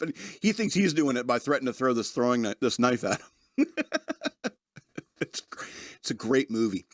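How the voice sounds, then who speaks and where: A man's voice: medium pitch, a little fast, dry recording, studio quality. A man hosting a podcast, casually reviewing a movie, rambling with lots of fillers and often laughing as he retells scenes.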